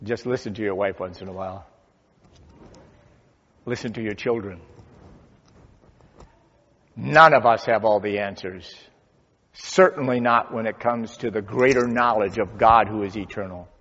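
A man preaching a sermon as pastor, with slow, dramatic pauses and swelling emphasis. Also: fairly low pitch, fairly bright tone, breathy edge. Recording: dull sound with long church reverb.

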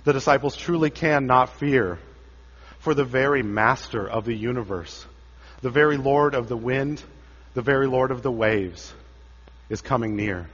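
A man preaching a sermon, dramatic, rising loud for quoted cries and dropping low and quiet for solemn lines. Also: normal speed, breathy edge. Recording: dull sound with long church reverb.

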